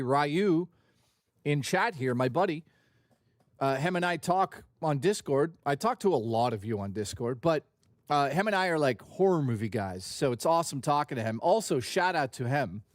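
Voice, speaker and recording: A male gaming streamer whose slightly high voice swings widely in pitch as he banters and jokes with chat. The sound is dry and close, with no room around it. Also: no room sound. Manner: animated, profane, joking with chat. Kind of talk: casual live-stream chat.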